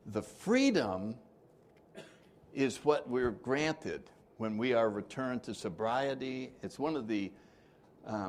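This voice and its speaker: A man leading a twelve-step recovery workshop, joking with the room and acting out the people he quotes. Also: mid-range voice. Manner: jokey, acts out quoted voices, laughs often.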